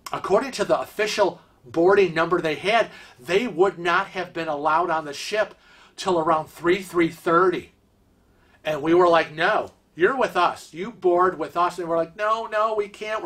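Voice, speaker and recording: A man hosting a cruise vlog, telling a story casually and rambling with lots of filler words. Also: on the high side. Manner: lively retelling with acted-out quotes.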